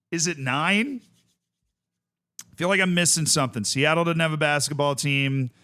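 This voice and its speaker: A man's voice: on the high side, normal speed, pauses often, pushed and bright. A young man from Tampa streaming a game, chatting casually and thinking aloud as he lists things and corrects himself. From Tampa, Florida. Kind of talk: casual livestream chat.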